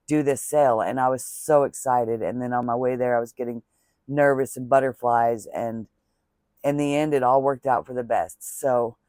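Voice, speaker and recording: A man's voice: medium pitch, darkish tone, no room sound, clean studio sound. A man chatting casually to camera as a crochet vlogger, rambling and heartfelt, thanking viewers with religious blessings. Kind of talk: casual talking-to-camera vlog chat.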